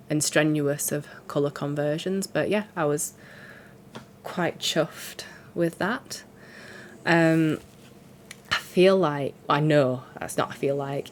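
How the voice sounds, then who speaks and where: A woman talks casually into the camera, nasal and congested from a cold. Her chat wanders and pokes gentle fun at herself. A faint noise sits under her voice. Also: low voice. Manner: chatty, rambling, self-deprecating. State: congested with a cold, sore throat. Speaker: cross-stitch vlogger.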